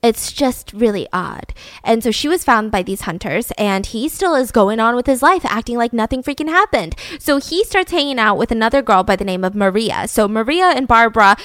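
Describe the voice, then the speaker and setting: A woman's voice: fairly high pitch, animated, brisk, fairly bright tone, no echo. A young woman hosting a podcast, telling a true-crime story in a casual, chatty way with a lot of fillers. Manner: chatty, heavy use of "like". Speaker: podcast host.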